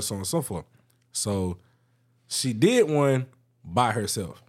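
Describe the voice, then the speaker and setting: A young man casually telling work stories on a podcast, loose and profane. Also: normal speed. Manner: laid-back storytelling, profane, lively pitch. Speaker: podcast co-host. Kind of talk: casual chat.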